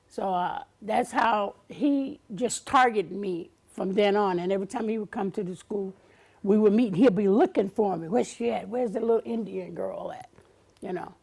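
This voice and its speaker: An older woman guest in an interview, telling stories in an animated way, acting out quotes and laughing often. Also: mid-range voice, husky. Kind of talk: storytelling interview.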